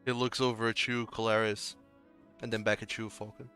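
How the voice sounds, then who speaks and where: A man narrating as game master of a tabletop game in an unhurried way, with fillers. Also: fairly low pitch, little pitch movement, sharp tone, faint music behind.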